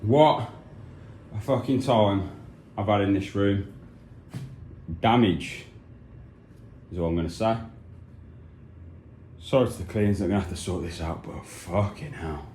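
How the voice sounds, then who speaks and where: A man's voice: lowish voice, unhurried, pauses often, darkish tone, slight background noise. Sweary young man vlogging. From England. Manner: chatty, sweary, rambling. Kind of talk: casual travel vlog.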